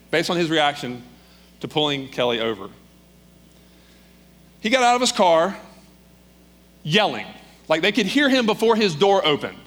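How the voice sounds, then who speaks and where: A man preaching, telling a story in a lively, dramatic way. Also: high voice. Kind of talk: sermon storytelling.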